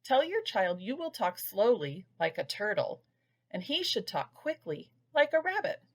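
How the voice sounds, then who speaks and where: Lively lady explaining reading games, bit of vocal fry, slow careful sounding out. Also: mid-range voice. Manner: patient, sounds out words slowly. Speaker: early reading instructor. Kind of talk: scripted instructional narration.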